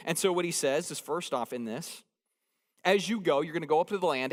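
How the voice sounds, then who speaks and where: A man preaching a sermon in a large hall, with a high voice and a long reverb tail behind it. He speaks conversationally and mixes jokes into his teaching. He drives key points home by repeating phrases with emphasis. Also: lively intonation, a little fast. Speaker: pastor.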